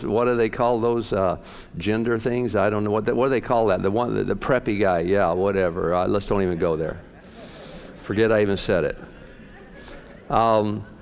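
A male pastor preaching in a folksy, joking, conversational way, telling stories. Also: medium pitch. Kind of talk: sermon.

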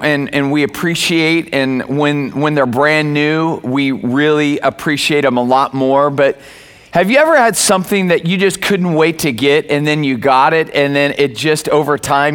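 A middle-aged man delivers a sermon in a high, light voice, often stumbling into restarts as he builds a story. His speech rings out with the long reverb of a church hall. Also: a bit bright. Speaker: pastor.

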